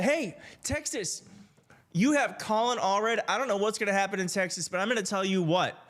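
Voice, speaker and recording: A man from Michigan hosting a political live stream, chatting casually and excitedly with his viewers. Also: high-pitched. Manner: upbeat, hyped, addresses chat directly, laughs often. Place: home setup in D.C.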